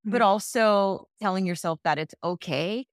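A woman guest on a podcast, a breakup coach, talking in an animated, casual way and acting out quoted thoughts. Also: medium pitch, normal speed, no echo, studio quality. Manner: warm-hearted, animated, acts out quotes.

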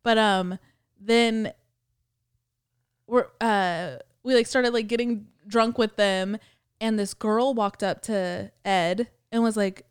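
A young woman on a podcast, talking in long rambling runs full of "like" and swearing and slipping into voices for the people she quotes. Her voice is smooth and clear, and the sound is close and dry. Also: mid-range voice, fairly even intonation, slow pace, dry recording. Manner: rambling storytelling with many fillers and swearing. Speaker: podcast co-host. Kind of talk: casual chat.

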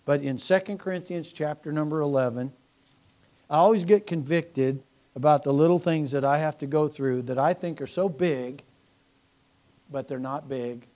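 A man preaching a sermon as pastor, animated and sarcastic, swinging from loud preaching to quiet asides. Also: a little high, moderate pace. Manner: mocking, sarcastic humor.

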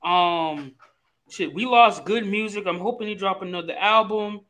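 Man, podcast co-host, high bright voice, teasing, casual, profane. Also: moderate pace. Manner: teasing, animated, swears freely. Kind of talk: casual chat.

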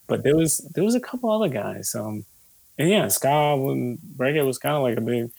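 A man with a gravelly, somewhat husky voice, recorded close and dry with no room sound. He rambles loosely as a musician guest, full of fillers and casual swearing. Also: medium pitch, animated, moderate pace, a little mellow, dry recording. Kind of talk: casual conversation.

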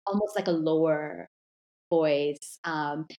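A woman's voice: deep voice, takes it slowly, darkish tone. Chatty woman hosting a podcast. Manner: chatty, rambling questions. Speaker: podcast host. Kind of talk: casual interview chat.

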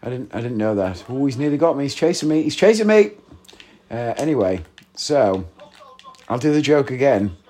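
A man's voice: mid-range voice, animated, brisk, dark tone. A man hosting a podcast, chatting casually and joking, rambling and easily sidetracked while playing a video game at home. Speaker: podcast host. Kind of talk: casual chat. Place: home, gaming while recording.

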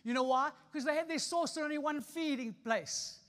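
A man's voice: extremely high pitch, normal speed, fairly bright tone. A man preaching a sermon to a congregation, emphatic, repeating phrases and calling for responses. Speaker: pastor. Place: church stage before a congregation. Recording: long hall reverb.

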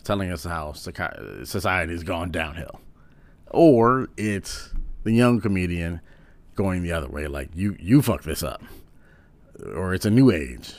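A man giving a casual commentary, rambling a little and filling pauses with "um". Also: deep voice, no room sound. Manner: rambling, with frequent "um"s.

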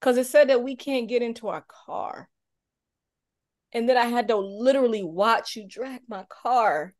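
A woman co-hosting a casual podcast, telling a rambling, animated story with frequent laughs. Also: a little high, a little slow. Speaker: podcast co-host.

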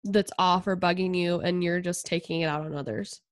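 A woman's voice: lowish voice, steady tone, dry recording. Young woman co-host, dry close sound, supportive and casual. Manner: supportive, quick agreement, warm asides. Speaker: podcast co-host. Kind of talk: casual chat.

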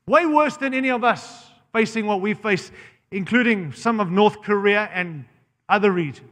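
A man's voice: sits high, normal speed, fairly bright tone. An American man preaching a sermon, blunt and impassioned, often breaking off mid-phrase to restart. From United States. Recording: long hall reverb.

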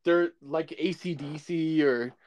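A man's voice: on the high side, fairly even intonation, slow, darkish tone, dry recording, lo-fi sound. A man co-hosting a podcast, chatting casually, laughing often and swearing freely. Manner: laughing, swearing, loose storytelling. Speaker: podcast co-host. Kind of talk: casual chat.

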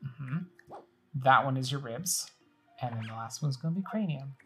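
Low, husky woman narrating a game. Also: expressive, moderate pace, faint music behind. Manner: chatty, narrates everything on screen. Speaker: podcast host. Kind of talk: casual chat while playing a video game.

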